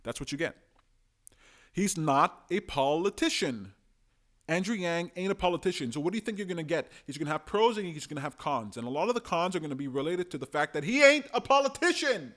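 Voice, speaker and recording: A man's voice: fairly high pitch, brisk. A young man giving casual, emphatic political commentary in a solo monologue, now and then acting out the people he talks about. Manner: animated, emphatic, acts out quoted voices.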